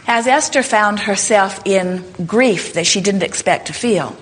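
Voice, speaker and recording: A woman speaking to a live workshop audience in a plain, mid-pitched voice. She explains with steady emphasis and often acts out short quoted lines. Her delivery is that of an experienced teacher fielding questions. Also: unhurried, a little hiss or hum. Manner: emphatic and explanatory, often saying "in other words" and "you see".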